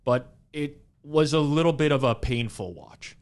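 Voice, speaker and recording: A young man co-hosting a podcast, talking in a casual, animated, rambling way and filling his speech with "like". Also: a little high, measured pace, clean tone. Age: young adult. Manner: animated, rambling, heavy use of "like". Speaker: podcast co-host. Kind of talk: casual chat.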